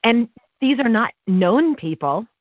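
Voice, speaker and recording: A woman guest on an interview show, telling stories about her work as a live awards announcer, with lively quoted dialogue and frequent laughs. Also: a little high, slow, no room sound. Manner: animated, acts out quotes, laughs often. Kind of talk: casual interview storytelling. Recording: dull dry podcast audio.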